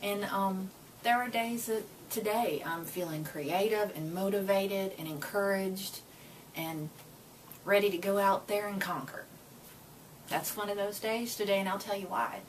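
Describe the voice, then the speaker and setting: A woman's voice: medium pitch, a little slow. A woman who is a Christian vlogger, giving a casual, earnest and emotional motivational talk to the camera. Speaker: Christian vlogger sharing encouragement. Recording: voice a bit far from the mic with faint noise.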